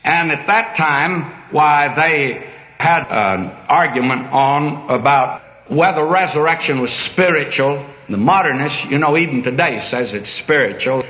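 A man's voice: on the high side, measured pace. An older man preaching a sermon in a folksy, emphatic storytelling manner. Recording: dull echoey hall recording.

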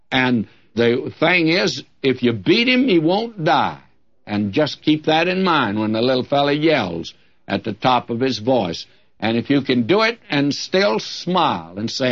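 Lively folksy old preacher, lo-fi. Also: male voice, mid-range voice, creaky. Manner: folksy, lively preaching with humor and scripture quotes. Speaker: pastor. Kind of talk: sermon. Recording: dull lo-fi old recording.

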